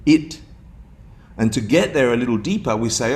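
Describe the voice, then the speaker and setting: A man's voice: mid-range voice, expressive, normal speed, long pauses. A man teaching a dharma class to a room of students, playful, laughing often and putting questions to them.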